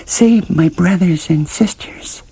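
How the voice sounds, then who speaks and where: A man voicing a small pleading cabbage in a storybook reading, slow and whispery. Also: sits high, mellow, breathy edge, no echo, voice pushed up, full character voice, rough recording.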